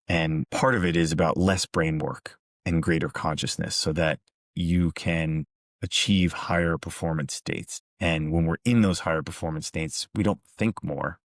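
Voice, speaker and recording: Very deep-voiced man telling calm parables. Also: no echo, studio quality. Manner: calm storytelling, measured and earnest. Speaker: motivational speaker and coach. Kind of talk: reflective motivational talk.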